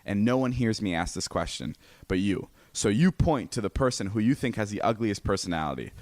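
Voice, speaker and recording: A young man telling a story in casual podcast chat, animated and swearing a lot, with many fillers and restarts. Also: lowish voice, brisk, dry recording. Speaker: podcast guest.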